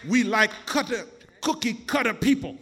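A man's voice: extremely high pitch, expressive, moderate pace, a crowd in the background. A man preaching a sermon, dramatic and emphatic, calling out questions to his congregation. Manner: dramatic, call-and-response, emphatic.

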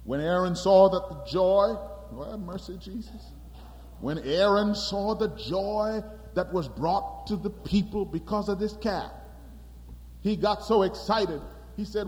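An emphatic man preaching a sermon, his high voice leaping up and down with animated energy. He calls out to the congregation, and each phrase rings on in a long hall reverb. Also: a little slow. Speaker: pastor.

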